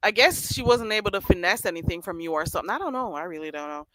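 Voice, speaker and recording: A woman's voice: on the low side, animated, quick pace, a bit bright, no room sound, low-quality recording. A woman hosting a casual livestream, chatting and teasing viewers by name and laughing often. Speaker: livestream host. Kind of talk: casual chat reading live chat. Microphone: streaming mic.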